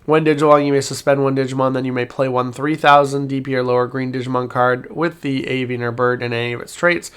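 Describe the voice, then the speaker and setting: A man's voice: mid-range voice, level tone, fast talker, few pauses, fairly bright tone, clear, resonant tone. A man hosting a card game channel, reading card text aloud with fillers and self-corrections in a casual review.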